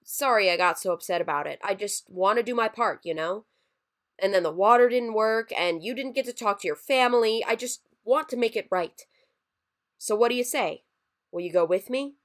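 A woman's voice: mid-range voice, animated, normal speed, natural voice. A woman voicing a scheming reptilian male Santa creature in a story reading, eager and wheedling. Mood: pleading.

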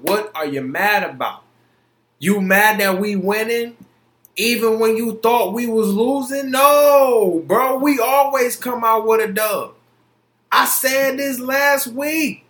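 A young man hosts his own podcast in a heated, profane rant. His voice sits high and sounds bright and forceful. The recording carries a roomy echo. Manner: heated, profane, emphatic, repeats himself. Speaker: podcast host. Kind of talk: solo opinion podcast rant.

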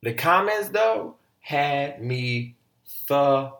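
Bright-voiced man hosting a casual podcast. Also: on the high side, drawn-out words, vocal fry. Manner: animated, slangy, swears, lively retelling. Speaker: podcast host. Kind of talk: casual solo podcast commentary.

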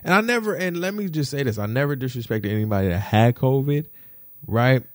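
A man's voice: medium pitch, lively intonation, a little fast, no echo. Young new guy venting a story to his viewers, keeps restarting, dry room. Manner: repetitive, restarting, addresses viewers as y'all. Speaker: vlogger.

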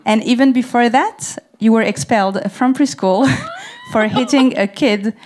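A woman's voice: on the high side, a little slow, a little mellow. A woman whose first language is French, interviewing a guest in English on a festival stage, friendly and laughing often.

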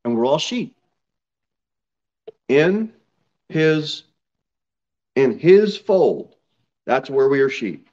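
A male pastor delivers a sermon in a church, reading scripture slowly and deliberately. His mid-range voice climbs to loud, high peaks when he drives a point home. The recording sounds a little muffled and lo-fi. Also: sing-song. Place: church sanctuary. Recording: slightly dull church recording.

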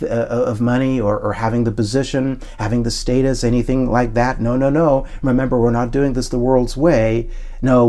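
A man's voice: mid-range voice, warm tone. A man preaching an online sermon, emphatic and repetitive, calling his listeners "guys" and leading them in spoken confessions.

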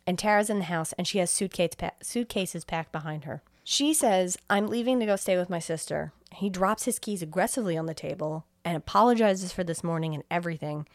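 Young woman, podcast co-host, animated plot recap, swears, dry close sound. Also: fairly low pitch, brisk, hardly any pauses, no echo. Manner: animated storytelling, acting out quotes, swears freely. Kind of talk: casual chat, retelling a movie plot.

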